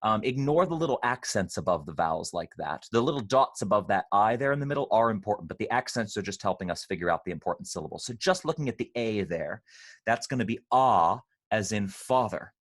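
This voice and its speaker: Guy running a choir rehearsal over a video call, lowish voice, patient, sounds things out slowly. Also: lively intonation. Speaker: choir director. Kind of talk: online choir rehearsal lesson.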